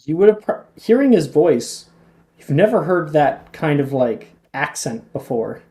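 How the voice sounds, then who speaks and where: A game master narrating a tabletop role-play in an unhurried, chatty way. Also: medium pitch, big pitch swings, warm tone. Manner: laughs often, unhurried descriptions.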